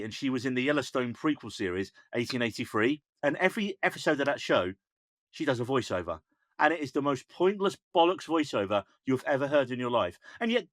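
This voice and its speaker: A man's voice: mid-range voice, no echo, studio quality. Mocking man podcast co-host. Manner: animated, mocking, sweary. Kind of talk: casual chat.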